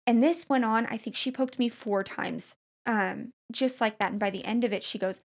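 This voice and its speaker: Chatty woman telling a hospital story. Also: a little high. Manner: animated storytelling, frequent fillers and restarts, quick laughs. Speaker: storyteller recounting a hospital stay. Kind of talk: casual chat.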